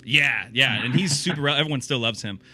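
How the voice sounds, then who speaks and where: A man, the guest, chatting casually over a video call with deadpan, absurd jokes and rambling restarts. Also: mid-range voice, fairly quick.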